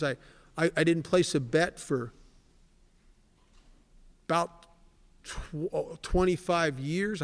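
A man in his sixties giving a candid personal testimony at a recovery meeting, telling stories and swelling loud to stress a point. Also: a little high. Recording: long hall reverb.

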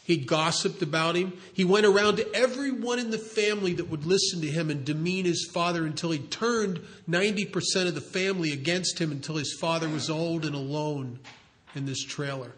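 Middle-aged guy telling a story, earnest, stops and restarts a lot, kinda high voice. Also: a little fast, a bit bright. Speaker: recovery sponsor telling a story. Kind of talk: storytelling talk.

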